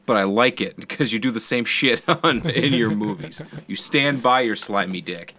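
A man's voice: lowish voice, moderate pace, a little hiss or hum. A man chatting casually, rambling and swearing as he tells stories with sound effects. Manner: rambling, profane, animated storytelling with sound effects. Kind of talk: casual chat.

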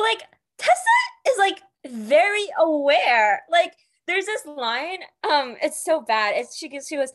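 A young woman in casual chat about a book, filling nearly every phrase with "like" and acting out the characters' lines. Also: on the high side. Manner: says "like" constantly, animated retellings. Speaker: book discussion co-host.

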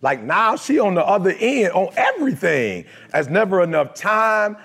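A man speaks in a raised, gravelly voice, pitched a little above the usual for men. He gives a motivational talk to a live crowd, emphatic and conversational, full of street slang. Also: big pitch swings, normal speed, fairly bright tone. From Detroit, USA.

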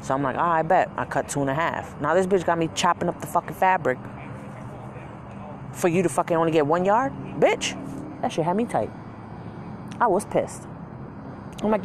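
A vlogger vents about a bad day in a profane, animated casual rant, acting out customers in mocking voices. The voice sits at a middling pitch. Clear car road noise hums underneath, as if recorded inside a vehicle. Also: normal speed, pauses often.

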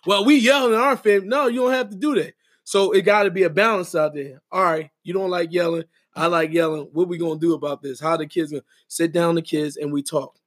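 A man's voice: a little high, fairly quick. A middle-aged man, podcast co-host and wedding officiant, talking in an emphatic, repetitive, preacher-like way in casual chat.

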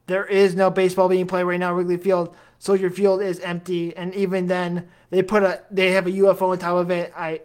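A man's voice: high-pitched, a little mellow, clean tone. A man hosting a solo podcast episode, talking straight to his listeners in a rambling, jokey way full of self-deprecating asides. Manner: chatty, addresses listeners directly. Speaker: podcast host.

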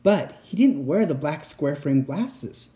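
A man reading a spooky children's chapter book aloud as narrator. His delivery is steady and expressive, with a lively, rising and falling pitch and a dark, mellow tone. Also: measured pace. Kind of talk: storybook reading.

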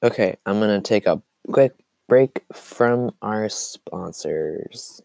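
A man's voice: on the low side, expressive, takes it slowly, creaky, darkish tone, no room sound. A young man hosting a casual solo podcast, rambling and self-deprecating, his throat phlegmy from coughing. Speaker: podcast host.

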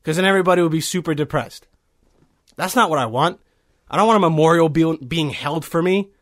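A man's voice: a little high, brisk, a bit bright. A man in his early twenties, from Bosnia, telling a heated, profane story in casual chat. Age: early 20s.

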